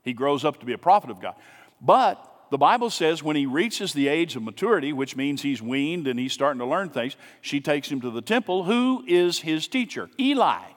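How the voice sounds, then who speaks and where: A man's voice: fairly high pitch, sing-song, normal speed, big-room sound. A man pastor preaching a sermon in a casual, conversational way, asking rhetorical questions and dropping asides to his congregation. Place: church sanctuary.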